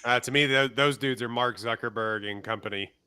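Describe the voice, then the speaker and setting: A man's voice: mid-range voice, a little fast, a crowd in the background. A man co-hosting a podcast, chatting in a laid-back, hesitant way about a movie. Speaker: podcast co-host. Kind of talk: casual movie review chat.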